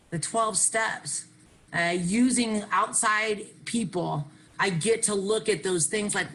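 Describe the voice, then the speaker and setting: A middle-aged woman, giving an energetic, self-mocking recovery share that she keeps punctuating with "hey" and "okay.". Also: mid-range voice, low-quality recording. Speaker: workshop speaker sharing on recovery.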